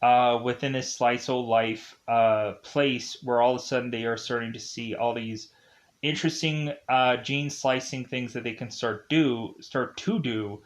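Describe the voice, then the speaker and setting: A man's voice: medium pitch, fairly even intonation, measured pace. A young man casually recapping a movie plot, with lots of "uh" and "like" fillers and frequent chuckles. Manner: filler-heavy, chuckling often. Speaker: movie reviewer. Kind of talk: casual rambling film recap.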